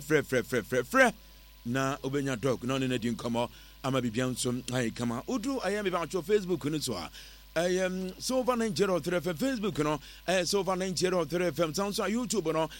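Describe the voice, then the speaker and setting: A man with a Ghanaian accent hosting a radio talk show, animated as he reads out sponsor ads and shout-outs. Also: a little high. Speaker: radio host. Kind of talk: radio talk show in mixed Twi and English.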